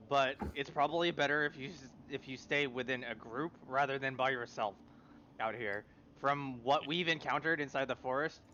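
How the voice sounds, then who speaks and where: A man playing a tabletop game, talking in a halting way with restarts. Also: medium pitch, pushed and bright, dull audio, slight background noise. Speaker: player. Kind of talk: tabletop role-play, in and out of character.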